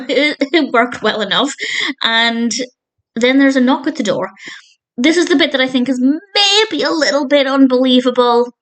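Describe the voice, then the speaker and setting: A woman's voice: on the high side, a bit bright. A woman reviewing a TV episode in a casual spoken style, retelling scenes with thoughtful, enthusiastic commentary and small self-corrections. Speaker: film and TV reviewer.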